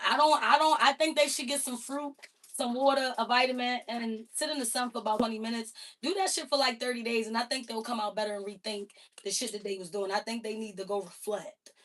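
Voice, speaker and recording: A woman's voice: a little high, fairly even intonation, fairly quick, fairly bright tone. A woman hosting a livestream, ranting casually in an emphatic, heavily profane way. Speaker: livestream host. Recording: voice a bit far from the mic.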